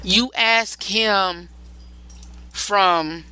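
Slow, bright-voiced woman giving advice. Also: mid-range voice, a little hiss or hum, poor audio. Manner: emphatic, repeats phrases for stress; loose, rambling delivery with restarts. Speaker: relationship advice host. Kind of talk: casual advice talk show.

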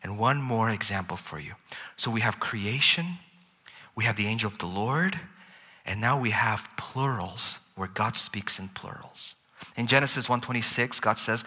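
A man preaching a sermon as pastor, lively and playful, with chuckles and asides to the congregation. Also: lowish voice, unhurried, breathy edge. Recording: long hall reverb.

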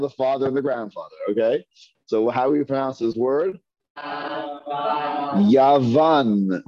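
A man teaching Hebrew reading, sounding out words slowly and patiently and repeating them. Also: fairly low pitch, warm tone, dry recording. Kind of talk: slow, patient reading lesson. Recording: dull lo-fi dry recording.

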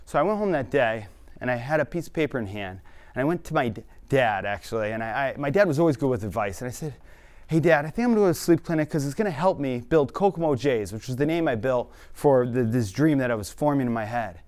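A young man telling his own life story quickly and earnestly, with now and then a self-aware laugh. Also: medium pitch, lively intonation, a little mellow. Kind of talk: personal storytelling talk.

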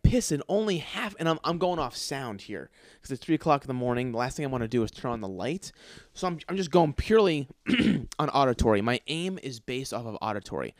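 A man hosting a solo comedy podcast, telling a crude, profanity-heavy story in an animated way. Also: medium pitch, no echo, studio quality. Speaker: podcast host.

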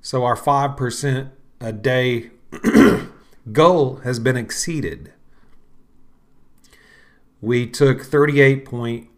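A man, middle-aged, hosting a podcast and talking casually in a rambling, unhurried way with lots of fillers. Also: mid-range voice. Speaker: podcast host. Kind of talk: casual solo talk.

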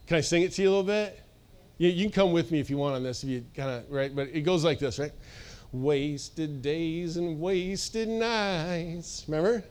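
Lively high-voiced man preaching casually. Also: fast, smooth. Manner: energetic, conversational, sings snippets and jokes with the audience. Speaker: pastor. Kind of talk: sermon.

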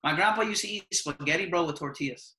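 A man's voice: fairly high pitch, fast talker, bright, forceful tone, echoey room. A young man in casual podcast chat, telling stories with lots of slang and frequent laughs. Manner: laid-back slang-heavy storytelling, laughs often. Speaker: podcast host.

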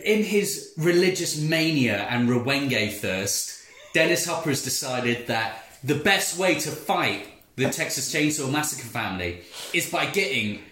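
Sarcastic guy co-hosting, bouncy pitch, echoey. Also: lively intonation, a little slow, bright, forceful tone, slight background noise. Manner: wry, sarcastic quips. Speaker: podcast co-host. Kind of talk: comedic banter.

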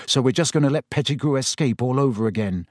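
A man voicing a determined teenage boy wizard who speaks quietly and urgently. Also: medium pitch, fast, no echo, clean studio sound, close to an everyday voice.

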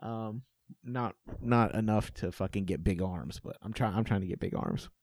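A man's voice: lowish voice, moderate pace, darkish tone, no echo, clean studio sound. A man co-hosting a casual podcast chat, teasing his co-host, swearing freely and laughing often.

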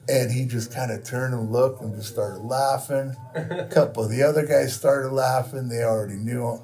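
A tattoo shop owner with a Californian accent, telling stories in casual chat, swearing freely and acting out other people's lines. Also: male voice, medium pitch, fairly even intonation, normal speed, a little mellow. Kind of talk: casual storytelling.

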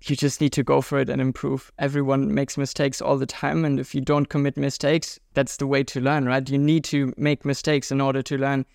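Young German-accented man, gravelly and dry. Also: brisk, hardly any pauses, dry recording. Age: 20s. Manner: upbeat and chatty, pitch jumps up when animated. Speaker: guest, world traveler and juggler. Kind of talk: casual conversational interview.

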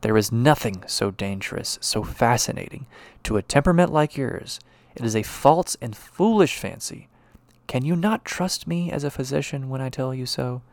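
A man's voice: mid-range voice, animated, moderate pace, creaky, no room sound, pitched above the performer's own voice. A man reading the lines of a condescending husband who is a doctor, soothing but dismissive and talking down to his wife. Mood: stern. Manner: soothing yet dismissive, talks down.

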